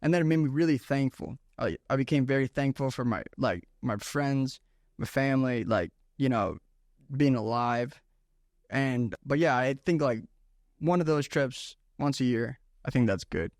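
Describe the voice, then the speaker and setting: A man's voice: medium pitch, moderate pace, a little mellow, dry recording, clean studio sound. A young man co-hosting a casual podcast, telling stories in a laid-back way and calling his friend bro. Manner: laid-back storytelling, says "bro" and "dude". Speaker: podcast co-host. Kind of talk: casual chat.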